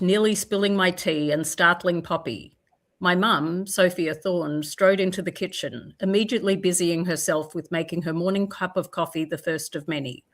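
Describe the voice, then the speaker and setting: A woman literary agent chatting and reading a manuscript aloud in a live video Q&A. She is chatty and pokes fun at herself. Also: lowish voice. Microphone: video call.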